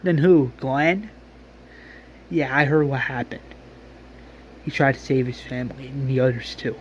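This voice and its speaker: A man voicing a grieving young man who pleads with his sister, emotional and halting. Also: mid-range voice, steady tone, muffled recording, a little hiss or hum, natural voice. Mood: pleading.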